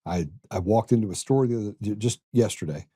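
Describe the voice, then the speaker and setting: A man's voice: fairly low pitch, a little fast, warm tone, breathy edge. A man hosting a political talk podcast, telling stories in an earnest conversational way. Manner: earnest, storytelling. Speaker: podcast host.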